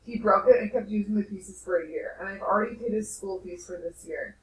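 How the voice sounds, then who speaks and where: A woman's voice: mid-range voice, fairly quick, close to an everyday voice. A woman teacher reading aloud to a class, voicing a humble mother who pleads patiently. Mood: pleading. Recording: distant echoey classroom, faint noise.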